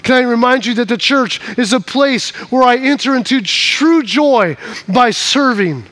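High, bright-voiced man preaching a sermon. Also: a little slow. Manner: preaching with dramatic swings from hushed to shouting; acts out scenes in the voices of people in the story. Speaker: pastor. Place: church.

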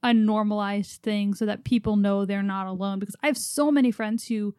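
A woman's voice: medium pitch, steady tone, brisk, warm tone, clear, resonant tone, no echo, studio quality. A young adult woman co-hosting a podcast from home, chatting casually, laughing often and telling stories with animation. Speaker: podcast co-host. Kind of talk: casual conversation.

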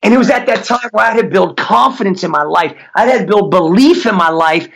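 A middle-aged man, a mindset coach, giving a fervent faith-based motivational talk, slowing down to chant affirmations. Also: sits high, lively intonation, creaky, fairly bright tone. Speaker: podcast guest, mindset coach.

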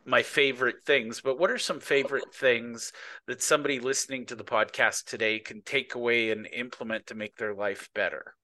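Bright-voiced man hosting a podcast. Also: mid-range voice, steady tone, moderate pace. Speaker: podcast host. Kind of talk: casual interview talk.

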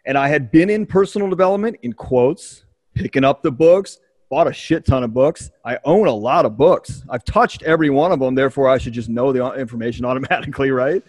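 A man's voice: medium pitch, fairly quick, darkish tone. A man hosting a podcast, telling a candid, emotional personal story in casual speech with frequent swearing. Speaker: podcast host.

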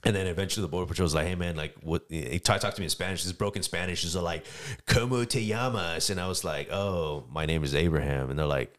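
Fast-talking deep-voiced American man. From United States. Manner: animated storyteller acting out dialogue, slangy. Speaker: podcast guest. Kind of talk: casual storytelling chat.

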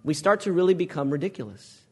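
A man's voice: on the high side, lively intonation, fast, slightly rough. A male pastor preaching a sermon, asking the congregation questions and pressing his points with emphasis.

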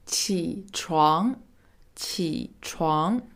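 A woman teaching Mandarin in a lesson podcast, explaining chatty and repeating words slowly and clearly. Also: fairly low pitch, lively intonation.

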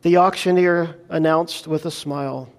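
Male pastor, earnest storytelling sermon voice, a bit higher-pitched, quiet prayerful close. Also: fairly even intonation, normal speed. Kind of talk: sermon illustration and closing prayer.

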